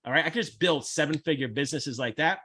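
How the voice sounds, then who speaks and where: A man hosting a casual chat, blunt, brash and profane, with animated storytelling. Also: on the high side, fast talker, breathy edge. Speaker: host.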